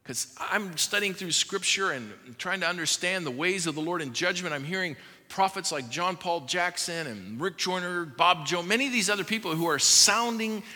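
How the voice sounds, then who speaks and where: A man's voice: high-pitched, normal speed, sharp tone. A man preaching a sermon as pastor, pleading with his congregation with urgent repetitions. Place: church service before a congregation. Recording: long hall reverb.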